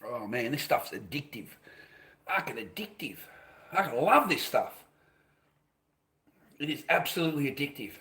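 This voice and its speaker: A man's voice: mid-range voice, very animated, measured pace, long pauses, sharp tone. A middle-aged Australian man rambling and swearing casually while telling stories to his viewers. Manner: swears a lot, tells stories with repeated phrases. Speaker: vlogger.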